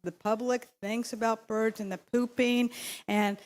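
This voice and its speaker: A woman's voice: a little high, little pitch movement, unhurried. Insistent woman at a council podium. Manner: insistent, rambling, with many fillers and restarts. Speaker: public commenter at a city council meeting. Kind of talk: public comment at a council meeting. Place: council meeting chamber. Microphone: podium microphone.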